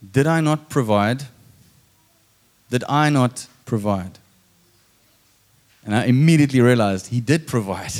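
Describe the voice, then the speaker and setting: A man, likely in his thirties, preaching a sermon and telling a personal story, acting out his own inner dialogue. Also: mid-range voice.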